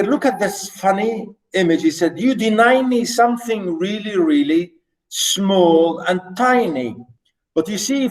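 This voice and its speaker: Lecturer, male, higher voice, unhurried, rhetorical and animated. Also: low-quality recording. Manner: animated, rhetorical questions, many fillers. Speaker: literature lecturer. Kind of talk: classroom poetry lecture.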